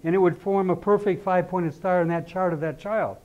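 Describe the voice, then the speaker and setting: A middle-aged man lectures a class in a loose, conversational way, always checking in with quick rhetorical questions. His voice sits a little high for a man, and the recording sounds dull and lo-fi. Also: fairly even intonation. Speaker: astrology teacher.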